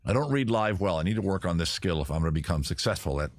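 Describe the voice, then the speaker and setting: Animated rambling man hosting a stream. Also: sits low, fast talker. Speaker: livestream host. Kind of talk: casual livestream chat. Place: outdoors by a fire.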